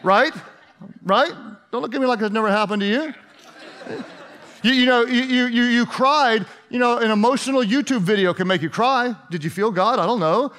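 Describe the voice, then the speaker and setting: Brief: male preacher, high-pitched, chatty and sarcastic, stammers out repeated words. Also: moderate pace, a bit bright. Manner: conversational, sarcastic, repeats words while speaking. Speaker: pastor. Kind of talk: sermon.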